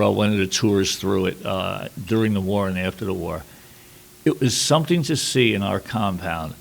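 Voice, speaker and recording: A middle-aged man from New York City, a war correspondent telling a personal story at a workshop, halting with many fillers. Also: fairly low pitch, vocal fry. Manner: halting, with frequent fillers and restarts.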